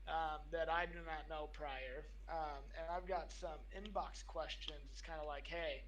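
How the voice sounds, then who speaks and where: A man's voice: on the high side, steady tone, a little slow, fairly bright tone, rough recording. A man hosting a casual podcast and running party games, upbeat and loose. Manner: upbeat, dude-heavy, loose. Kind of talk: casual chat.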